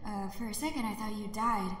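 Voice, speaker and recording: A woman's voice: medium pitch, fairly bright tone, natural voice. Woman doing a hesitant secret correspondent; roomy reverb, faint hiss. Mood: guarded. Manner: hesitant, halting reading. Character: secretive letter-writer, unsure and guarded. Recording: echoey long-reverb room with faint noise.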